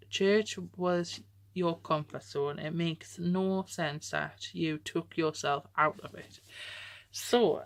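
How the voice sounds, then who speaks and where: A young woman with a lowish voice reads a letter she once wrote to herself, taking her time over it. She stops to comment on what she wrote and laughs often, her tone casual and reflective. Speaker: vlogger reading a letter to herself. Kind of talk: casual reflective reading aloud.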